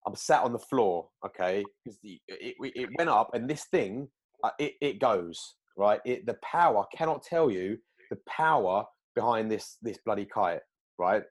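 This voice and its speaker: A man telling a story in casual chat, animated, acting out quoted lines with big jumps in pitch. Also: moderate pace.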